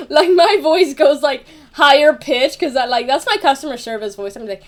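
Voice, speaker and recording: A young woman with a high voice tells a story in a loose, rambling way. She leans on fillers, restarts her sentences and swears now and then. She sounds like she is chatting to a camera. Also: moderate pace, few pauses. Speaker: vlogger. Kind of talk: casual storytelling.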